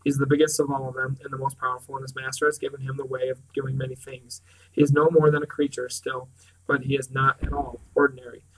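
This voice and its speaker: A man reading a novel aloud in a measured way, often clearing his throat and restarting words. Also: medium pitch, flat delivery. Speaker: reader. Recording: distant mic.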